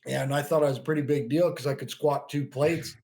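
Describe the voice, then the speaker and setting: A man's voice: on the high side, steady tone, a little fast, gravelly, darkish tone. A middle-aged man, a bodybuilder and coach, telling stories as a podcast guest in a loose, rambling way full of restarts. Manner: rambling, frequent restarts and "you know". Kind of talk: casual storytelling interview.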